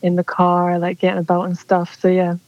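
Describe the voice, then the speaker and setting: A woman's voice: fairly low pitch, completely flat delivery, fairly quick, darkish tone, dry recording. A woman calling in to a radio show, chatting casually and rambling with lots of fillers, heard over a phone line. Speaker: caller. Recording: dull dry phone line.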